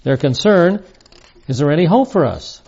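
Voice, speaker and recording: An older man in his seventies gives a verse-by-verse Bible teaching, leaning hard on the key phrases. His voice sits a little high for a man, and the recording is dull and lo-fi. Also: very animated, moderate pace, vocal fry, darkish tone, breathy edge. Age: 70s. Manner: emphatic, stresses key phrases.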